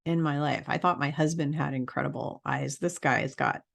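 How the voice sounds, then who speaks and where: Woman spiritual teacher, low-ish voice, rambling earnest vlog talk. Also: fairly even intonation, normal speed, creaky. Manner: earnest and rambling, many fillers. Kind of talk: casual spiritual vlog monologue.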